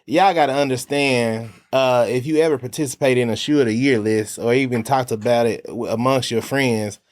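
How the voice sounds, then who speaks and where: A man's voice: medium pitch, fairly even intonation, normal speed. Laid-back man hosting a sneaker chat. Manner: laid-back, laughing, lots of "you know what I'm saying". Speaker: talk show host. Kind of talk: casual chat. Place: studio with a group of guests.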